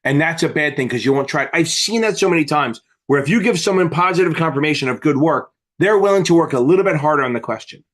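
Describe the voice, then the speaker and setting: Guy with a higher voice hyping up test takers on a livestream, swears a ton, super blunt. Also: expressive, fast talker, few pauses, fairly bright tone. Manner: blunt, profane, fired-up pep talk. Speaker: exam prep tutor hosting a live Q&A. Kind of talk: casual livestream coaching.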